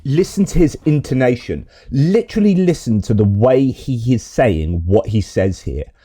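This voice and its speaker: A man's voice: mid-range voice, animated, moderate pace, dark tone, breathy edge. A man giving exasperated, indignant political commentary while reacting to video clips.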